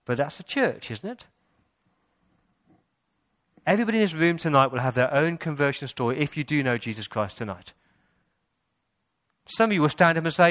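A man preaches to his congregation in a church hall. His voice sits on the higher side for a man, and he leans on rhetorical questions and builds to emphatic passages. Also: expressive, moderate pace, long pauses, fairly bright tone, clean studio sound. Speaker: pastor. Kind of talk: sermon.

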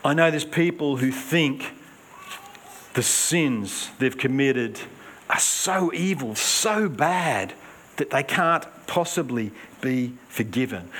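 A man preaching a sermon in an earnest, emphatic way, swinging between raised urgency and hushed emphasis. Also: mid-range voice, slight background noise.

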